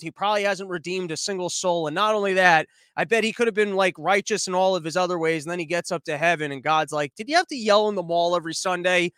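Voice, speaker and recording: Host type: American guy, high voice, profane sarcastic rant, dry close sound. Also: a bit bright, dry recording. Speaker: commentary show host. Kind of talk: ranting commentary monologue.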